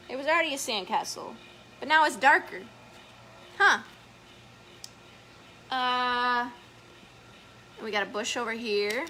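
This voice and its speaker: A woman reading a picture book aloud to children as a story time educator, chatty and gentle, stopping to point at the pictures. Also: a little high, a little slow, long pauses, slight background noise.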